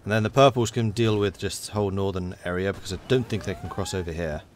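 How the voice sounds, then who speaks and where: A man's voice: deep voice, fast, slight background noise. A man giving casual, wry commentary while playing a strategy game and chatting to his units. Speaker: let's play commentator.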